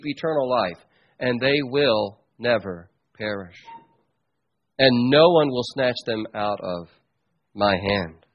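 A man preaching a sermon in a church, teaching with strong emphasis that drops to quiet asides. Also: mid-range voice, lively intonation, slow pace, husky, muffled recording. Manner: emphatic teaching, swings between loud stresses and quiet asides.

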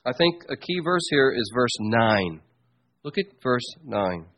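A man preaching a sermon in a church, teaching with strong emphasis that drops to quiet asides. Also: medium pitch, sing-song, slow. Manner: emphatic teaching, swings between loud stresses and quiet asides.

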